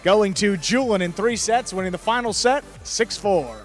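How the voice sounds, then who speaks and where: High-voiced man calling play-by-play. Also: faint music behind. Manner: brisk clipped calls of each play. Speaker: play-by-play announcer. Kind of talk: live sports commentary.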